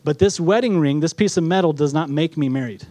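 A man's voice: fairly high pitch, a little fast, dark tone, dry recording. A middle-aged male pastor teaching a sermon, earnest, using props and asking rhetorical questions.

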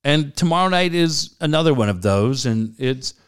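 A middle-aged man in a casual chat tells stories with swearing, jumping into loud, high quoted voices. His pitch swings widely, and his voice sits a bit high for a man. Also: animated, moderate pace, smooth. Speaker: storyteller in a chat.

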